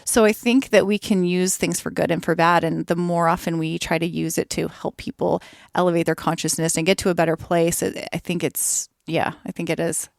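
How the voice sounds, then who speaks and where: A woman speaking candidly as a podcast guest, animated and acting out her own inner voices. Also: on the low side, brisk, gravelly, no room sound, clean studio sound. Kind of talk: candid conversational interview.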